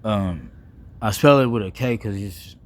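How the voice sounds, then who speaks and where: A young man, rambling playfully in a casual vlog monologue, full of slang, restarts and deliberately wordy phrasing. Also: fairly low pitch. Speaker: vlogger.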